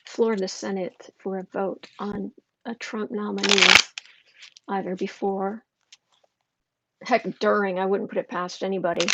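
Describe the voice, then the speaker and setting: A woman's voice: mid-range voice, dull audio, very noisy. A woman doing a live tarot reading, chatty and thinking aloud, with many restarts. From United States. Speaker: tarot reader.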